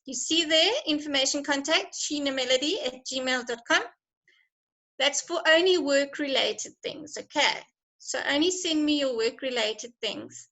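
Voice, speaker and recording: Bright, high-voiced encouraging woman teacher. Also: unhurried, rough recording. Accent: South African. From South Africa. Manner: encouraging, chatty, laughs often. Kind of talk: online class lesson.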